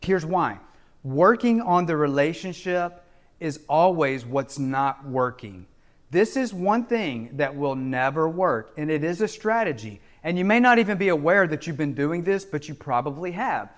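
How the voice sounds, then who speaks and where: A man's voice: fairly high pitch, lively intonation, moderate pace. A middle-aged man giving relationship coaching straight to camera, in an emphatic, repetitive, preacherly manner. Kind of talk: direct-to-camera advice talk.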